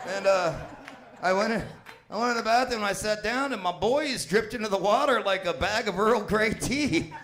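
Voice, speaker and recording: A man in his fifties performing stand-up comedy in a high-pitched voice. He rambles, swears constantly and chuckles at his own punchlines. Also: normal speed, a bit bright, slight background noise. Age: 50s. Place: small comedy venue with live audience.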